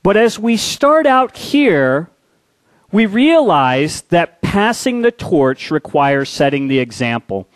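A male pastor preaching a sermon, telling a war story with dramatic shifts into a quiet, low voice. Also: very animated, slow pace, no echo.

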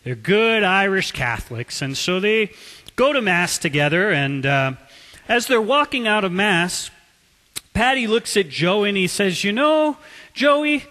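A man preaching a sermon, an animated storyteller who acts out the voices in his stories. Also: high-pitched, unhurried, long reverb tail. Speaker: pastor.

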